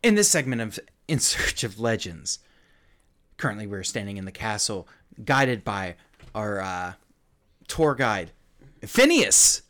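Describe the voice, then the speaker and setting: A man's voice: lowish voice, big pitch swings, measured pace, pauses often, fairly bright tone. A man voicing a male TV documentary host on location, using a presenter delivery with some hesitations, in a tabletop role-play. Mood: presenting.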